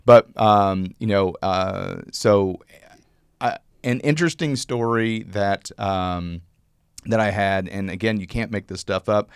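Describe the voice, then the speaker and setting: Man, low clean dry voice, rambling storyteller. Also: clean tone, no echo. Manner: rambling, halting with many restarts and fillers. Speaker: poll watcher recounting experiences. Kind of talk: casual storytelling chat.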